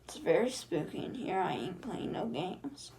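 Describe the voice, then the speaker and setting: A woman's voice: lowish voice, gravelly. A woman reading as a chatty talking donkey. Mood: plain reading. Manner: quick flat read-aloud delivery. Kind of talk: reading a film script aloud.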